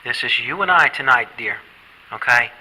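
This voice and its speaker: Sharp-toned investigator coaxing spirits softly. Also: male voice, medium pitch, expressive, moderate pace, poor audio. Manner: gentle, pleading, repeats himself. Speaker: paranormal investigator. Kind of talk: coaxing talk to unseen spirits. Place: derelict building on an island.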